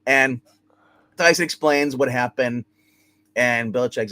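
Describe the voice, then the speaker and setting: A man's voice: mid-range voice, brisk. Rambling man recapping a TV episode. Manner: rambling, animated retelling with acted quotes and swearing. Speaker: show host reviewing a TV episode. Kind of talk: casual recap chat.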